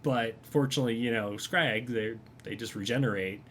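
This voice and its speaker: A man's voice: medium pitch, normal speed, a bit bright, slight background noise. A man casually narrating as game master of a tabletop game, rambling with frequent fillers.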